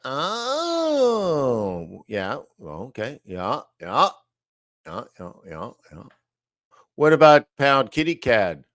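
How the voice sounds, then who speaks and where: A man teaching trading live, walking through price charts slowly, thinking aloud with fillers and asides. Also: lowish voice, big pitch swings, fairly bright tone, dry recording, studio quality. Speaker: trading educator.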